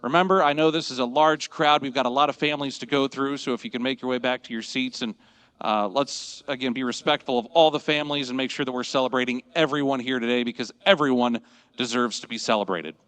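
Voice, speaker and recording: A man's voice: medium pitch, fast, a bit bright, smooth. Upbeat guy emceeing an awards thing, dry close mic but reverby hall. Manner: jokey, upbeat, giving instructions to a crowd. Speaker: master of ceremonies.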